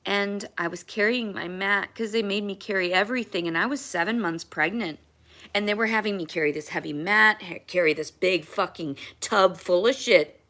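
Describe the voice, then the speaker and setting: Bright-voiced woman rambling on a livestream. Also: mid-range voice, moderate pace. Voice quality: rambling, emotional, swears casually. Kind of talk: casual livestream chat.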